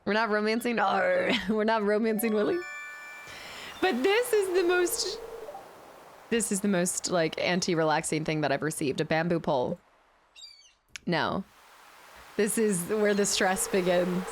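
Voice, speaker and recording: A young woman chats her way through a video game on stream, quick to laugh and get excited. Her voice sits at an everyday pitch. A faint hiss runs under the recording. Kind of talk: casual game live stream.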